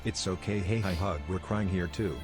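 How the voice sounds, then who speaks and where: A streamer voicing a deep-voiced man who reads out a viewer's comforting chat message. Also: steady tone, moderate pace, darkish tone, faint music behind, lightly acted. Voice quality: very deep, rumbling.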